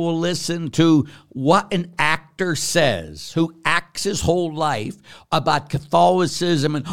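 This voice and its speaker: An older man, a priest, answering viewer questions live, hushed and slow in reflection, then animated and laughing as he tells stories. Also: fairly high pitch. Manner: animated, laughs and gets loud telling stories. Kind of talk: live Q&A, reading viewer comments.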